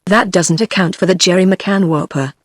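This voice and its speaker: A text-to-speech woman's voice with a British English accent, reading the lines of a composed, sharp-witted young secretary in a brisk, firm manner. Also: lowish voice, dry recording, clean studio sound, lightly acted.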